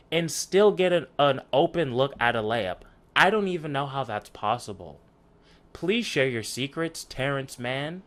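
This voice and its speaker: A young man talking straight to his audience in a loose, profane sports rant. He drifts between offhand chatter and heated outbursts, and his pitch sits in an ordinary middle range. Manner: animated, profane, ranting with rising outbursts. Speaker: sports commentary YouTuber. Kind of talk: casual ranting sports vlog.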